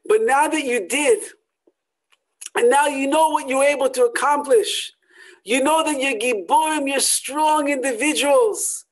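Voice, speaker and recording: Brief: a rough male smuggler in a retold sermon story, put on by the preacher, slow and emphatic. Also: high voice, voice pushed up, poor audio. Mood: remorseful. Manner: threatening shouts, later hushed apologies. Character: gruff male smuggler, harsh then remorseful.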